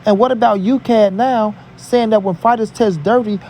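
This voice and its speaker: High-voiced man ranting heatedly. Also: steady tone, normal speed, darkish tone, slight background noise. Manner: profane, emphatic, repeats lines for punch. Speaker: boxing commentary vlogger. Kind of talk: heated opinion rant.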